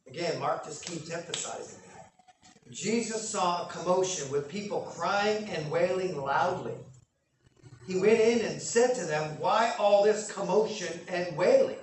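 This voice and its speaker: High-voiced preacher in an echoey hall. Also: male voice, a little hiss or hum. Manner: animated, acts out scenes with loud bursts. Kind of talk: sermon teaching from scripture. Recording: echoey room, speaker far from mic.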